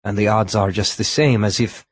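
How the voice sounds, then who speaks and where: A grave, measured alien doctor, as a male narrator voices him, a touch higher than the reader's own low voice. He explains slowly and with regret, in a dry, close audiobook reading. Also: steady tone, husky, dry recording. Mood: grave explaining. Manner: measured, explanatory, gently apologetic.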